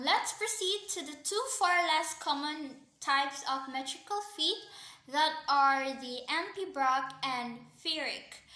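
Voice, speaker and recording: High, slow-talking young woman presenting. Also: sharp tone. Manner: starts most sentences with "so", many "um" fillers. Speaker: student presenter. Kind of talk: class presentation. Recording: echoey room.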